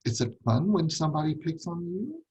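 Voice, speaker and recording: A man's voice: a little high, big pitch swings, a little fast, darkish tone, breathy edge, highs cut off. A man teaching a ministry class on parenting, emphatic, repeating key points and asking rhetorical questions.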